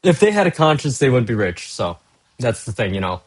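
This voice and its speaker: A man's voice: medium pitch, sing-song, fairly quick, husky. A middle-aged man ranting casually and profanely on his own show, rambling from gripe to gripe. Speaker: vlogger. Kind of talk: casual solo rant.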